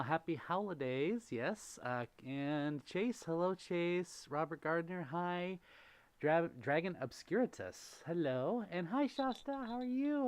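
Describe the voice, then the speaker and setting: A man's voice: mid-range voice, dry recording. A young man hosting a holiday livestream in a casual, gushing way, reading out and answering chat messages. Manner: gushing, softly animated, reads out chat messages. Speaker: livestream host.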